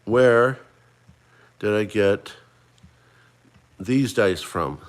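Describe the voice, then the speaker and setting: A man's voice: on the low side, very slow. A middle-aged man hosting a casual livestream, chatting and running a trivia quiz for viewers he addresses by name. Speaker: livestream host.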